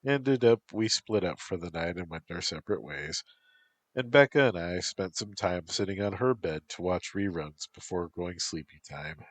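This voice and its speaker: A man's voice: low-pitched, normal speed, dry recording. A man reading a first-person story aloud as a wry college woman narrator. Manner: dry, wry asides. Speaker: story reader.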